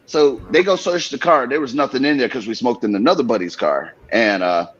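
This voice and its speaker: A man's voice: mid-range voice, fairly quick, husky. A man hosting a casual podcast, telling a story full of profanity, often laughing and acting out other people's voices. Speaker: podcast host. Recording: slightly dull lo-fi sound.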